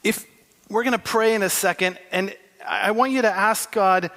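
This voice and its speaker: A man's voice: high-pitched, normal speed, a bit bright. Impassioned preacher man in a reverberant hall. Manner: impassioned, emphatic, acts out dialogue. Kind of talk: sermon.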